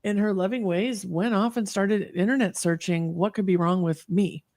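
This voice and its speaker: A woman's voice: medium pitch, fairly even intonation, moderate pace, a little mellow, dry recording, studio quality. A woman in her fifties, a guest telling her personal story in an earnest, reflective way, with many fillers and restarts. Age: 50s. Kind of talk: personal story in an online talk.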